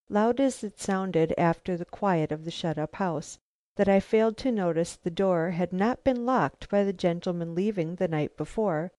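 A woman narrating a novel in a measured, composed reading. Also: lowish voice, mellow, no room sound. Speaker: audiobook narrator.

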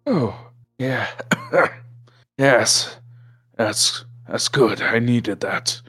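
A man voicing a parched, raspy sea captain in a tabletop game, with a coughing, wry manner. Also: mid-range voice, very slow, bright, forceful tone, heavily acted. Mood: relieved. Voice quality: raspy, gravelly.

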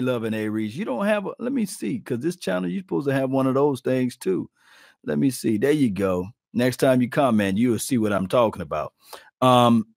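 Animated man riffing on sports. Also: medium pitch, creaky, dry recording, clean studio sound. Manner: animated, preachy, shouts out to viewers. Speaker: podcast host. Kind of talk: casual sports talk livestream.

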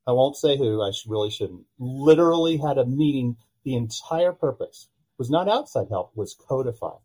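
A man guests on a casual podcast, his voice dark and mellow with a husky edge. He tells stories with animation and slips into the voices of the people he quotes. His pitch sits in the middle range for a man. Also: normal speed, rough recording. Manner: animated storyteller who acts out quoted dialogue. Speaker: podcast guest, pitching analytics company founder.

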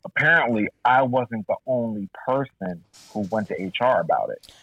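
A man's voice: medium pitch, moderate pace, husky, dry recording, muffled recording. A man in casual podcast chat, animatedly telling a profane story and acting out other people's lines. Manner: animated, profane, acts out quoted voices.

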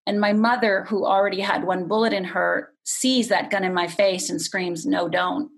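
A middle-aged woman from Upper Michigan, telling a painful personal story as a podcast guest in a candid, unhurried way. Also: medium pitch, steady tone. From Upper Michigan, USA.

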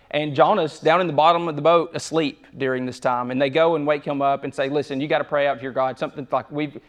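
A young man gives a sermon in a relaxed, conversational way. His voice sits a little high, and he often restarts his sentences and repeats words before moving on. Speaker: preacher.

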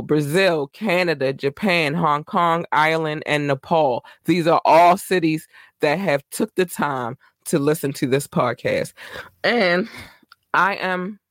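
A man's voice: fairly high pitch, no room sound, studio quality. Chatty man with a Baltimore accent. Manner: chatty, rambling, effusive shout-outs. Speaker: podcast host. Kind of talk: casual solo podcast chat.

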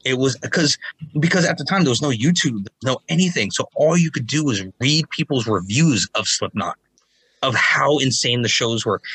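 A man in his forties telling stories casually as a podcast guest, animated and raising his voice to act out quotes. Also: mid-range voice, normal speed, breathy edge, no room sound, low-quality recording. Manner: animated, acts out quotes in raised voice. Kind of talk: casual storytelling.

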